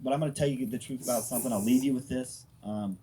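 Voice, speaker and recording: A man's voice: medium pitch, fast talker, mellow, slightly rough. A man in his thirties doing a crude, self-deprecating stand-up set and bantering with a small crowd. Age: 30s. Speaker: stand-up comedian. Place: outdoor firepit gathering. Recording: crowd noise around the speaker. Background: small crowd laughing and heckling.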